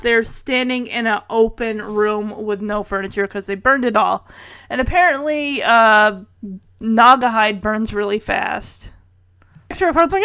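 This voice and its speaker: Chatty higher-voiced woman, dry close sound. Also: a bit bright, dry recording. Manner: chatty, wry asides, laughs while retelling. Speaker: show recapper. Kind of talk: casual episode recap.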